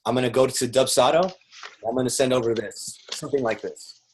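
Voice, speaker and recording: A man's voice: mid-range voice, fairly quick, a little hiss or hum. A man teaching marketing sales on a video call, earnest and explaining step by step. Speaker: marketing instructor. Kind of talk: teaching sales with role-play.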